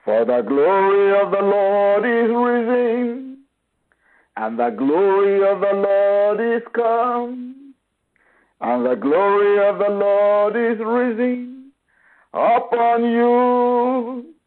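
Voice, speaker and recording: Very slow high-voiced man proclaiming. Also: animated. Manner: slow, drawn-out declarations. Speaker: preacher. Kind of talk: chanted blessing over music. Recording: phone-like radio sound.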